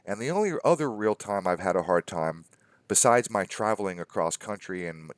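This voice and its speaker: A low-pitched man spins a casual story, acting out the other voices in it and growing exasperated. The sound is dry and close. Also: lively intonation, moderate pace, no echo. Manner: storytelling, quoting others in mock dialogue, exasperated. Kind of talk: casual conversation.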